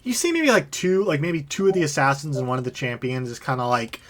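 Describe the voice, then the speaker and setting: A man's voice: a little high, big pitch swings, fast talker, fairly bright tone. Casual young man game master. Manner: casual, filler-heavy, with lots of "like". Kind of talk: narrating a tabletop game.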